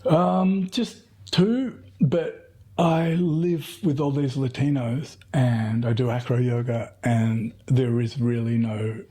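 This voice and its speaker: A middle-aged man from Tasmania, Australia, speaks slowly in a husky, mellow, mid-range voice with a dark, breathy tone. As a guest in a relaxed, conversational interview, he wanders through anecdotes, using many fillers and often stopping to restart his sentences.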